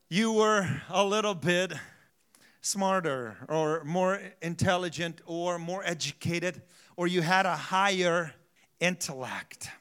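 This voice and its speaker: High bright-voiced male pastor preaching. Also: clear, resonant tone. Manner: storytelling, self-mocking, laughs often, gets loud. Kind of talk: sermon.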